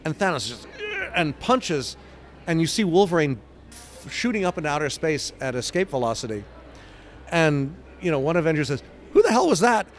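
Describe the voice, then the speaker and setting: An older man from England, a comic book writer being interviewed, telling stories with lively sound effects and acted-out quotes. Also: fairly high pitch, moderate pace. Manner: animated, acts out scenes with sound effects and quoted voices. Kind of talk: casual interview storytelling.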